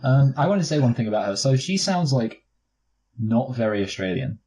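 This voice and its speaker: A man's voice: mid-range voice, sing-song, brisk, a crowd in the background, low-quality recording. A man co-hosting a casual film review chat, joking and breaking into impressions. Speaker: podcast co-host.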